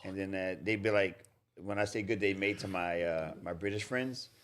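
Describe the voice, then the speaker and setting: A man's voice: deep voice, moderate pace, a bit bright, slight background noise. A man from Brooklyn co-hosting a casual podcast in a small studio, rambling and restarting his sentences. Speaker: podcast co-host. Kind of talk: casual banter.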